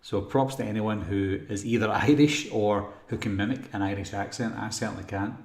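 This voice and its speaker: A man's voice: on the low side, brisk. A man hosting a casual live Q&A for a horror channel, reading chat questions and answering in a rambling way with lots of ums. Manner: relaxed, rambling, frequent ums and throat clearing. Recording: roomy echo.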